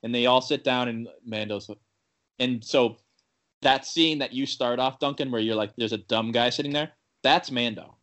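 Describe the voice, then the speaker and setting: A young man chats casually as a podcast co-host, recapping a TV episode in a loose, rambling way. His voice sits at an ordinary middle pitch, and he keeps restarting sentences and filling gaps with "like". He slips into quoted lines from the characters without fully changing his voice. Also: normal speed, fairly bright tone. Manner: rambling, full of "like" fillers and restarts. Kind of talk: casual chat.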